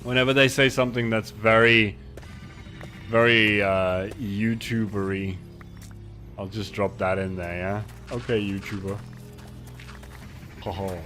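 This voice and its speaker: Man, low voice, casual livestream chatter, self-mocking, rambling, faint music under him. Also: fairly even intonation, a little slow, pushed and bright. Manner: rambling, self-mocking, reads chat aloud. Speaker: streamer. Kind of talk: casual livestream chat while gaming.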